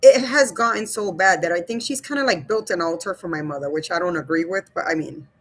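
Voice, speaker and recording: A woman with a fairly low, slightly rough voice talks fairly quickly while hosting a casual livestream. She reads comments from viewers aloud and speaks bluntly and loosely to her chat, swearing and laughing along the way.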